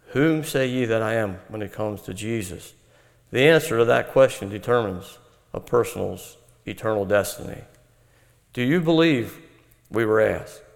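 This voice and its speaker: A man preaching an earnest, measured Bible-teaching sermon. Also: lowish voice, creaky, big-room sound.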